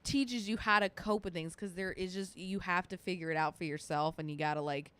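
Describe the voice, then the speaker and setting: A young woman co-hosting a casual podcast, talking expressively and often trailing off mid-thought, with frequent swearing. Her voice is clear and smooth. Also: on the low side, fairly even intonation, brisk, a bit bright. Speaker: podcast co-host.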